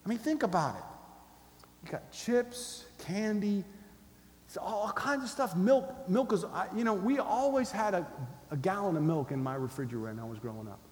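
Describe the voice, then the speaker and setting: Man, pastor's sermon, emphatic, fairly high voice, long reverb from the hall. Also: lively intonation, normal speed, darkish tone. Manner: emphatic, leads call-and-response. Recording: echoey hall, faint ambience.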